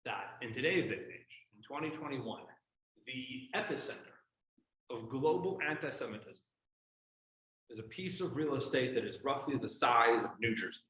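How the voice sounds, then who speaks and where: A man's voice: medium pitch, animated, normal speed, a bit bright, roomy sound, rough recording. A man teaching an evening class as a rabbi, addressing his audience in a showman-like way and telling jokes.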